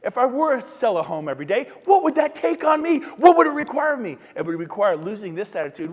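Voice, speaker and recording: A man giving a fired-up motivational talk to a live audience, punchy and shouting at his peaks. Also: extremely high pitch, big pitch swings, fast talker, hardly any pauses. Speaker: motivational speaker, real estate agent. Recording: long hall reverb.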